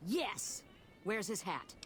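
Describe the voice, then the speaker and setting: A woman voicing a brisk, no-nonsense saloon owner who talks in a blunt, businesslike way. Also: mid-range voice, very animated.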